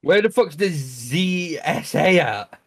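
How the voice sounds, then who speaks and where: Brief: young British man, lively pitch. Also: slow, breathy edge. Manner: mocking, swears freely. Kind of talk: casual banter over voice chat. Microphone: online voice chat.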